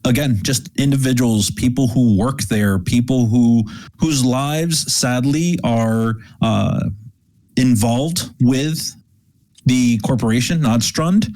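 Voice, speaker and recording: A man's voice: mid-range voice, a little mellow. A man running a tabletop game as game master, narrating loosely with many fillers and restarts.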